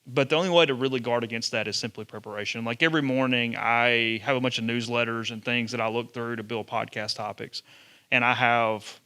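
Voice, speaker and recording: A man, a sports journalist telling lively stories to students. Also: medium pitch, a little fast, clear, resonant tone. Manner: animated storyteller, acts out quotes. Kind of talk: storytelling talk to students.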